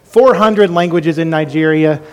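A man's voice: a little high, unhurried, a little mellow. A man preaching a sermon as pastor, folksy and joking as he talks to his congregation.

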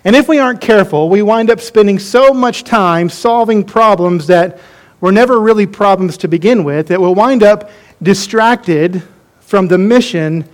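A man's voice: high voice, normal speed. A man preaching a sermon as pastor, folksy and joking as he talks to his congregation.

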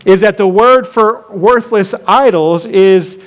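Man, high voice, pastor, emphatic sermon, repeats phrases. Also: takes it slowly.

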